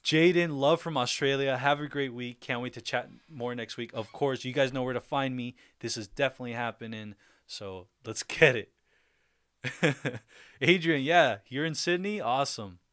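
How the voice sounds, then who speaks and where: A man's voice: mid-range voice, moderate pace, fairly bright tone, clear, resonant tone, dry recording, studio quality. A young man hosting a livestream, chatting casually and upbeat, laughing often as he reads out viewer comments. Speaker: livestream host.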